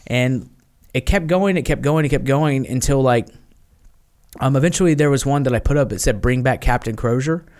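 A man chats casually as a podcast guest, telling stories with lots of fillers. He slips into other voices when quoting people. His pitch sits in the middle. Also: moderate pace. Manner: animated, acts out quotes, many fillers. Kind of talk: casual storytelling chat.

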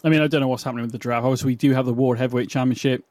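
A man's voice: mid-range voice, steady tone, very fast, darkish tone, no echo. A man co-hosting a wrestling podcast in casual chat, thinking aloud with ums and tag questions. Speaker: podcast co-host.

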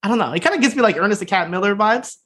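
Fast-talking man recapping a wrestling show. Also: high voice, animated, pushed and bright, breathy edge. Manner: fast, laughing, acts out the characters' lines. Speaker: podcast co-host. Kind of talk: casual recap chat.

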